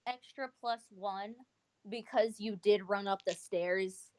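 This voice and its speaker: A woman's voice: medium pitch, fairly even intonation, takes it slowly, a little mellow. A woman running a tabletop role-playing game, hesitating often as she describes the scene and calls for rolls. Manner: hesitant, many fillers. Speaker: game master.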